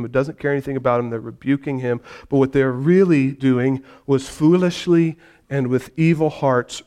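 This animated sermon comes from a male pastor with a medium-pitched voice, who alternates soft, gentle sections with loud, vivid storytelling.

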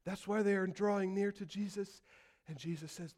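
A man preaching a sermon, telling the story vividly and acting out voices, building from quiet to loud calls. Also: high voice, fairly even intonation, moderate pace. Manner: storytelling preacher, acts out quotes and builds to shouts. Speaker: pastor.

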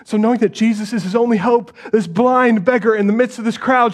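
Male preacher, high voice, dramatic storytelling, hushed to loud, rhetorical questions. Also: steady tone, brisk, few pauses. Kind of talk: sermon.

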